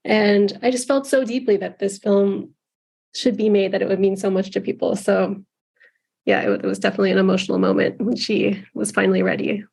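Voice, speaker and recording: A woman's voice: medium pitch, expressive, a little fast, creaky, a little mellow, husky. A woman film director talking earnestly and reflectively as a guest in an interview. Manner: earnest, reflective, with some restarts. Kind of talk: casual interview conversation.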